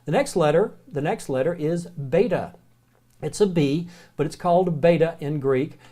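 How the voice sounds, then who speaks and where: A man's fairly high voice carries a Southern American accent as he walks through the Greek alphabet. It's a recorded lecture with a relaxed, folksy feel, and he takes words letter by letter at a slower pace.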